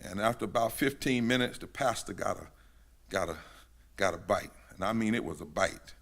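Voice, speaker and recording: A man preaching a sermon at a synagogue gathering, rhythmic and repetitive, building to shouted climaxes. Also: lowish voice, moderate pace, gravelly. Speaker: pastor.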